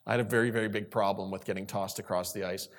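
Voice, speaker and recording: A man's voice: fairly low pitch, steady tone, quick pace. A man giving a sermon to a youth group, asking the listeners questions and repeating key phrases for emphasis. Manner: asks questions and calls on listeners. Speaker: youth speaker.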